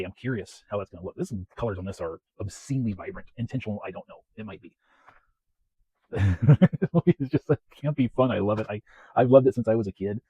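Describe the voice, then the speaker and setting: A man hosting his weekly home-media vlog in a chatty, self-deprecating way, often clearing his throat. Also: lowish voice, dark tone, no room sound, low-quality recording. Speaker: home media collector vlogger. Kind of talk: casual rambling vlog. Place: home, West Coast of the US.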